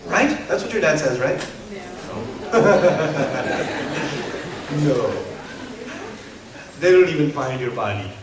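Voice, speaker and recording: A man giving an Islamic lecture to a live audience in an animated, humorous way, full of rhetorical questions. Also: a little high, slow pace, pauses often, crowd noise. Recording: echoey hall, distant mic.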